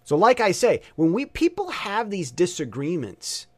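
A man talking in a casual vlog monologue, opinionated and animated, with stop-and-start rambling. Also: sits high, moderate pace, no room sound. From Southern Taiwan. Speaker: vlogger.

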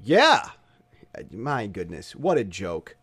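A man's voice: on the low side, wildly swooping pitch, slow, fairly bright tone, husky, dry recording. A man with a Michigan accent, a podcast host giving an opinionated, rambling monologue with many restarts. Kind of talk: casual monologue.

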